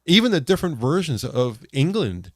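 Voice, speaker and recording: A man's voice: fairly high pitch, sing-song, moderate pace, dry recording, clean studio sound. An American man co-hosting a casual podcast chat. He rambles, often correcting himself and restarting his sentences. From United States. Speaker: podcast co-host.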